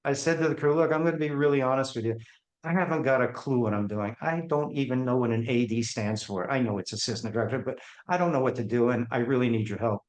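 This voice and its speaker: This man, interviewed on a podcast, relays stories from his professional life at a fast clip, his voice medium in pitch. He gets animated and acts out each person's lines, with echo audible in the recording.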